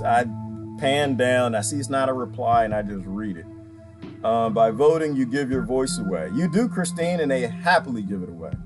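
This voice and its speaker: Animated man rambling over music. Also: a little high. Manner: rambling, emphatic, repeats himself. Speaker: vlogger reading viewer comments. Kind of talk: casual live-stream talk.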